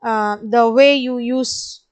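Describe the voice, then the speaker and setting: Female schoolteacher, Indian English accent, high voice, very slow and patient, spells and repeats words for children. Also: steady tone, clear, resonant tone. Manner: kind, patient, addresses kids directly. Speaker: primary school teacher. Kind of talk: online spelling lesson for children.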